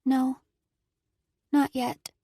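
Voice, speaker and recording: A woman voicing a timid, injured young girl who speaks in a small, soft voice in an audiobook. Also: sits high, level tone, normal speed, creaky, dry recording, clean studio sound, voice pushed up.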